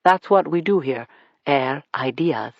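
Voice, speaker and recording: Audiobook: reader doing a deep-voiced British club owner, smooth and evasive, middle pitch, dry lo-fi sound. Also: expressive, measured pace, no room sound. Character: suave male club owner, cheerful, evasive. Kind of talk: audiobook character reading. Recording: dull dry recording.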